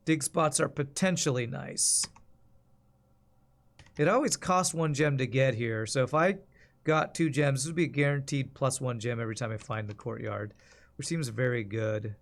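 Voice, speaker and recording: A man's voice: medium pitch, measured pace, gravelly, pauses often. American man musing through a game. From United States. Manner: thinking aloud, rambling and musing. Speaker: streamer playing a video game. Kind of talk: casual gameplay commentary.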